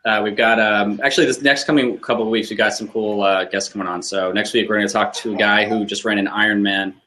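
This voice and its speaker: A man co-hosting a casual business chat show, rambling with lots of fillers and pauses. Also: fairly low pitch, fairly even intonation, sharp tone. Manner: laid-back, rambling with many fillers. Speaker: co-host.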